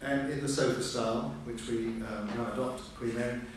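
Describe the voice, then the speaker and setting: A man's voice: mid-range voice, steady tone, normal speed. A man in his sixties chairing an evening talk, telling wry, digressive anecdotes as an introduction. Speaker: event chair. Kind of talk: after-dinner introduction speech. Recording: echoey hall from far off, room noise.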